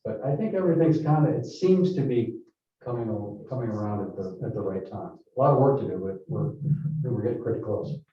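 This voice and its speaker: A man presenting a development project at a town board meeting, speaking haltingly with many fillers and restarts. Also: mid-range voice. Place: town hall meeting room. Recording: echoey council chamber, distant mic, muffled.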